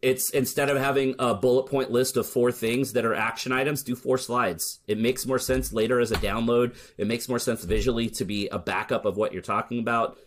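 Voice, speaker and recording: A man's voice: mid-range voice, steady tone, fairly quick, few pauses. An American man being interviewed on a casual podcast, telling stories in a candid, joking way and playing up sarcastic asides. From United States. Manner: candid, storytelling, swears, jokes sarcastically. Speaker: podcast guest, search marketer.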